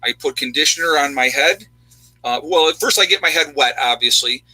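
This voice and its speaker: Chatty man with a sharp, bright voice. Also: a little high, brisk, dry recording, poor audio. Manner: rambling, self-interrupting, chatty. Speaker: livestream host answering chat. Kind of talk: casual live chat.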